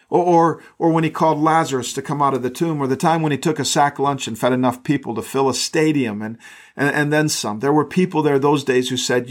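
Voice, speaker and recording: A man's voice of ordinary pitch reads verses aloud and then breaks off to comment on them in his own words. He preaches in an easy, conversational way, sometimes stumbling over and repeating a word as he thinks. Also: fairly quick. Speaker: pastor. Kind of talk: scripture reading with sermon commentary. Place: podcast recording.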